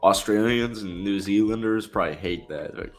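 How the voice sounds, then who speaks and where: Low-voiced laid-back young co-host. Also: male voice, moderate pace, faint music behind. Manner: laid-back, easily amazed. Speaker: co-host of a basketball show. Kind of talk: casual sports talk.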